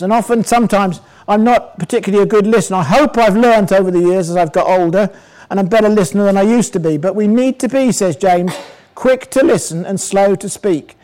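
An older man from England preaching a sermon in a conversational way, asking his congregation questions and slowing down to stress scripture. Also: sits high, darkish tone, rough recording.

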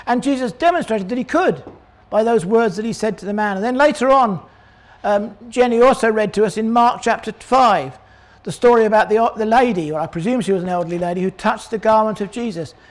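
An older man preaching a sermon, animated, acting out the voices of people in the story. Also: sits high, a little fast. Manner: animated, acts out voices of crowd and characters.

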